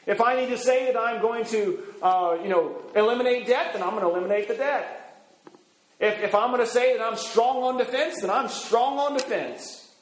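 A preacher voicing Pilate as a slick politician making quick, glib promises. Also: male voice, very high voice, pitched above the performer's own voice. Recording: echoey room.

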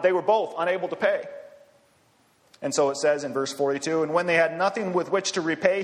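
A man preaching a sermon in a conversational way, with asides and light chuckles. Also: fairly high pitch. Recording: long hall reverb.

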